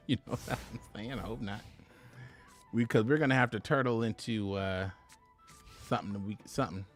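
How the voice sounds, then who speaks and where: A man's voice: on the low side, normal speed, long pauses, faint music behind. A man commentating live on his own card game play, chatty and laughing, talking to his viewers. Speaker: game streamer.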